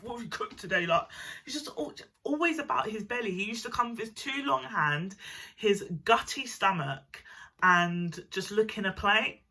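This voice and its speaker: A young woman with a nasal voice, telling a chatty, slangy personal story. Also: lowish voice. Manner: chatty and animated, slangy, swears; mimics other people's voices. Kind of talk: casual storytime monologue.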